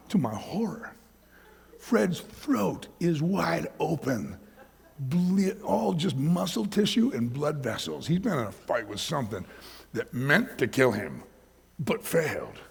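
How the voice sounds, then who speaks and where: A man preaching a sermon as pastor, telling animated stories about his pets, in a church hall with long reverb. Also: medium pitch, unhurried, creaky, slightly rough. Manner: anecdotal, animated storytelling.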